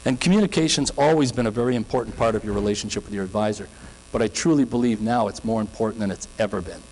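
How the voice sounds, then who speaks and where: A man's voice: lowish voice, fast, a little mellow, in a large hall, a little hiss or hum, low-quality recording. A man with a Canadian accent giving a seminar talk as a financial advisor, earnest and conversational, full of anecdotes. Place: seminar room.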